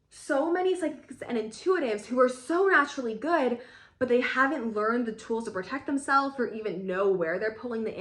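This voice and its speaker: A woman's voice: a little high, a bit bright, roomy sound. A woman coaching an online workshop, talking casually and leading a soothing guided visualization. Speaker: spiritual coach.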